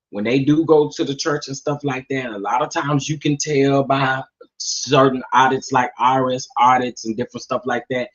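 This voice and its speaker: A man doing casual gossip commentary, sassy and animated, talking straight to his viewers. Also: medium pitch, highs cut off. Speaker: commentary vlogger.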